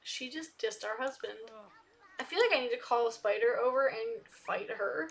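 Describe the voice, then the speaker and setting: A young woman casually commenting on a life-sim game, chatting to the characters and getting loudly indignant at times. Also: on the high side, moderate pace. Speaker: gaming video creator.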